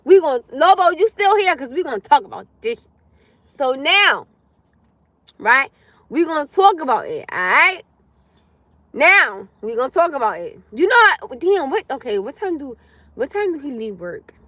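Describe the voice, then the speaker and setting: A high-voiced young woman chatting to her viewers on a live stream. Her tone is bright and sharp, and she swears freely as she answers comments. Her talk is loose, animated and full of asides. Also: moderate pace, dry recording. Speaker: livestream host. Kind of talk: casual livestream chat with viewers.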